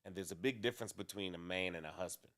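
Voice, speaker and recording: A man co-hosting a casual talk show about marriage, speaking in a deliberate, measured way with some restarts. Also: low voice, fairly bright tone. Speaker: co-host.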